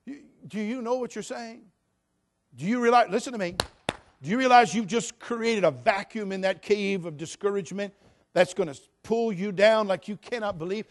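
A man preaching a sermon as pastor, swinging from loud shouts to quiet, intimate talk. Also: sits high, animated, normal speed.

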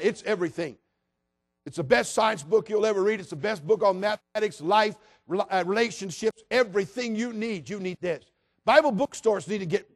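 Impassioned preacher, a man, higher voice. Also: no echo, clean studio sound. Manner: impassioned preaching, swinging from loud appeals to hushed tones. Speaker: pastor. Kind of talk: sermon.

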